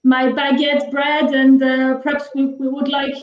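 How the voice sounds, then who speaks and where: A woman with a French accent, a cheese expert guest, speaking English haltingly with many fillers over a video call. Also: high voice, little pitch movement. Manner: hesitant, with many fillers and repeats. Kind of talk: casual interview chat. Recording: dull echoey video call audio.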